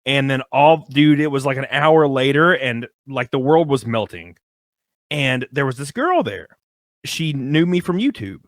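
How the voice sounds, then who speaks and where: A young man casually telling a rambling, animated story, full of "like" and casual swearing. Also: medium pitch, a little slow, no echo, clean studio sound. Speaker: guest storyteller. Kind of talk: casual storytelling on a live stream.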